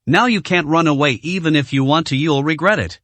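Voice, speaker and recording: A man's voice: on the high side, a little fast, fairly bright tone, no echo, lightly acted. Man doing an arrogant young bully, sneering, taunting, dry recording. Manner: taunting, blustering. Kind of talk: audiobook character reading.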